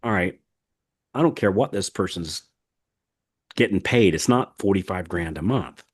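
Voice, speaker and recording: Male podcast host, lowish voice, folksy and rambling, lots of fillers. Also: lively intonation, measured pace, slightly rough. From United States. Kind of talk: casual podcast chat.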